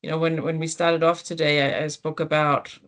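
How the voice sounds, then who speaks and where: A woman's voice: low voice, level tone, fairly quick. A woman moderating an online panel discussion over a video call, speaking conversationally with frequent ums and restarts. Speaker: webinar moderator.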